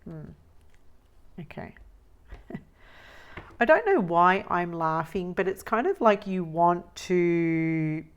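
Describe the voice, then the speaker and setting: A woman giving a tarot reading, musing slowly and repeating phrases as she reads the cards. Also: fairly low pitch, expressive. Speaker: tarot reader.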